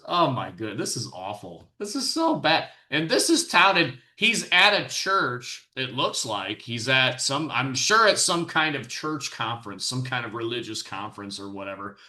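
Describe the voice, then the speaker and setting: A man's voice: a little high, bright, forceful tone, echoey room. A man hosting his own commentary show, reacting to video clips with exasperated, sarcastic and preachy remarks. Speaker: host and commentator.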